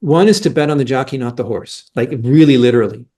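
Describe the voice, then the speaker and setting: A man's voice: mid-range voice, quick pace, dark tone. A middle-aged man giving explanatory interview answers as a mining analyst, emphatic and argumentative, with frequent restarts.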